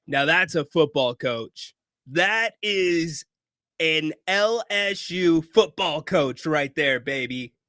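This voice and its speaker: A man's voice: a little high, expressive, slow, pushed and bright, no echo, studio quality. A man hosting a casual sports talk show, opinionated, often restarting words and chuckling.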